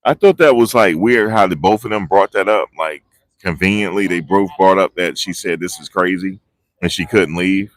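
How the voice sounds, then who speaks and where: A man reports live from the street into a phone on a gimbal. His fairly low voice sounds close and dry. He rambles excitedly and keeps losing his train of thought. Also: moderate pace, no room sound. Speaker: vlogger reporting on a trial. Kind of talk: live casual street commentary. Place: outdoors outside a courthouse. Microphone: phone on a handheld gimbal.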